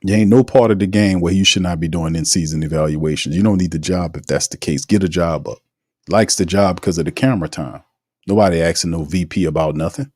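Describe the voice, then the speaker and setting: A man's voice: deep voice, a little fast, darkish tone, dry recording, studio quality. A man hosts a casual live sports talk show, rambling and opinionated and full of slang.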